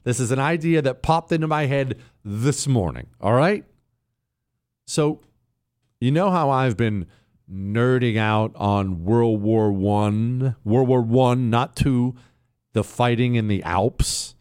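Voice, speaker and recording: Man, talk show host, sarcastic, animated, swinging pitch, dry close sound. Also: a little slow, dry recording. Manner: sarcastic, animated, addresses producer on air. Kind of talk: opinionated radio-style commentary.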